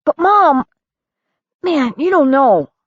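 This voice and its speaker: A woman's voice: high voice, very animated, slow, no echo, voice pushed up, exaggerated voice. A woman narrator voicing an ashamed young adult son who pleads with a choked-up voice, on a dull lo-fi recording. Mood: pleading.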